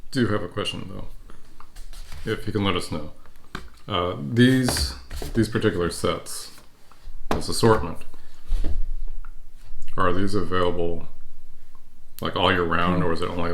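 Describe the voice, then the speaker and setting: A man's voice: low-pitched, measured pace, long pauses, slight background noise. A man from the United States co-hosting a food vlog, chatting in an easygoing way during a taste test. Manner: relaxed, easygoing, thanks viewers. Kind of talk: casual taste-test chat.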